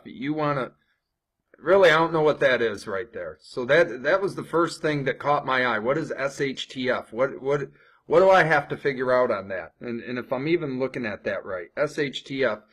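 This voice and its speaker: In a relaxed screen-share tutorial, a young adult online marketing coach talks viewers through writing ad copy, habitually tacking on "right?" and starting sentences over. He has a mid-range, slightly bright voice.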